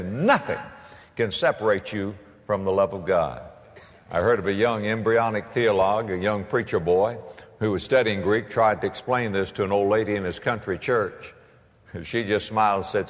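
A man preaching a sermon with an animated, rising and falling voice. He swings from emphatic proclaiming to quiet storytelling. His voice rings with a long reverb, as if in a large church sanctuary. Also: on the low side, normal speed. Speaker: pastor.

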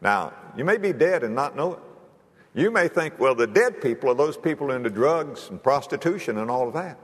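A preacher delivers a storytelling sermon, his pitch rising and falling in lively swings as he acts out the voices. He jumps from loud calls down to near-whispers. His voice carries with a long hall reverb around it. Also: a little fast. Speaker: pastor.

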